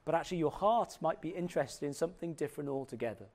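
Male preacher, middle-aged, slightly high voice, expressive, slows down for emphasis. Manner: expressive, drops to slow quiet emphasis on scripture. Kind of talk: sermon.

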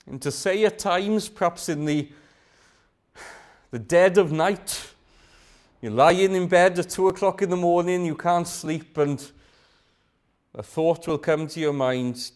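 A man's voice: high-pitched, slow, pauses often. A man preaching a sermon. He asks rhetorical questions, repeats phrases for emphasis and sometimes drops to a whisper.

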